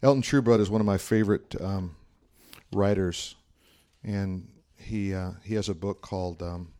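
A man's voice: deep voice, fairly even intonation, normal speed, mellow. A man, a pastor, giving a sermon in a conversational, humorous style full of anecdotes.

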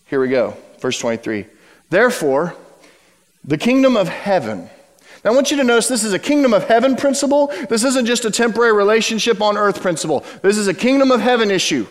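A man preaching a sermon to his church, telling a story with dramatic shifts between loud emphasis and hushed words. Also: sits high, sing-song, a little fast, in a large hall. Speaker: pastor. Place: church sanctuary.

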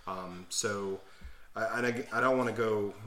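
A man's voice: fairly low pitch, a little slow, a crowd in the background. A man co-hosting a podcast in casual chat, explaining at length and with enthusiasm. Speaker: podcast co-host. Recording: roomy echo.

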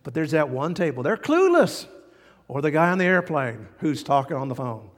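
A man preaching a sermon as pastor, folksy and animated, chuckling now and then at his own jokes. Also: a little high, normal speed, big-room sound.

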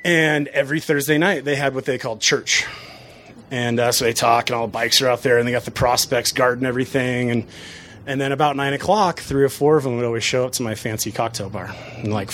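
A man who works as a bartender, telling stories to an audience in a casual, lively way and chuckling often. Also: medium pitch, fairly quick, slight background noise. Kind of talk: storytelling talk to an audience.

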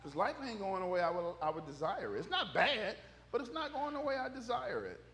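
A pastor talks his sermon through like a chat with his congregation, teasing them and getting loud when a story turns funny. His voice sits high and bright and swings around a lot. He is a man with an easy, folksy way of talking. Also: sing-song, a little fast. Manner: jokes and raises his voice when telling funny stories. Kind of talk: conversational sermon. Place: church service.

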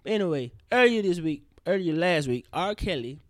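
A man's voice: high-pitched, a little fast, dry recording, studio quality. A young man hosting a podcast, ranting in casual news commentary, profane and prone to tangents. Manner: animated, profane, goes off on tangents. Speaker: podcast host.

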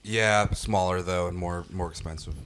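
A man in a casual food-review chat with friends, rambling and restarting his sentences, quick to laugh. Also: low voice, steady tone, a bit bright, slight background noise. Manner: rambling, self-interrupting, laughs easily.

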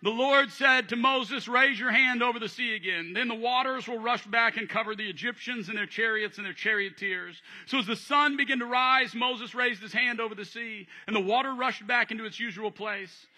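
High bright animated male preacher. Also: normal speed, few pauses. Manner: animated, acts out voices, jokes with the congregation. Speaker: pastor. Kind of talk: sermon.

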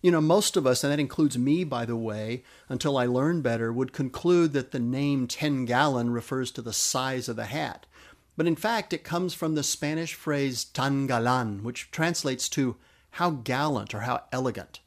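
A man's voice: medium pitch, normal speed. A man hosting a podcast, explaining where words come from with eager enthusiasm and spelling terms out letter by letter. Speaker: podcast host.

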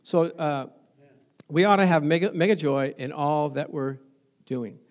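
A man's voice: fairly high pitch, unhurried. A male pastor preaching a sermon in a conversational way, asking the congregation rhetorical questions and acting out little stories. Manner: storytelling, acting out remembered exchanges.

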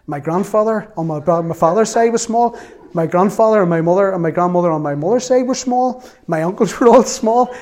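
A man's voice: high voice, a little mellow. A man preaching a sermon, reading scripture aloud with earnest feeling and a self-mocking sense of humor.

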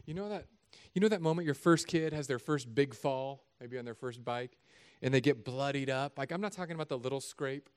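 A middle-aged man, a pastor, preaching a sermon in an animated, conversational, joking way. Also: mid-range voice, fairly quick, hardly any pauses, clean tone.

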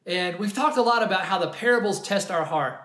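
A male pastor delivers a sermon in an earnest, storytelling way, often restarting his phrases. His voice sits high for a man. The sound carries a noticeable roomy echo. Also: lively intonation, a little fast, sharp tone.

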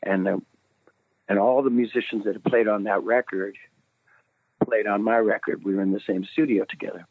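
A man, a singer being interviewed, telling an animated story and laughing at himself. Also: on the low side, normal speed, pauses often, background noise. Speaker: guest singer. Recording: tinny phone line.

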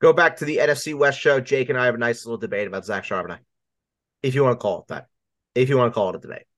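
A man's voice: medium pitch, very fast, no echo, studio quality. A man co-hosting a casual fantasy football podcast, teasing his partner in a playful way. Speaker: podcast co-host.

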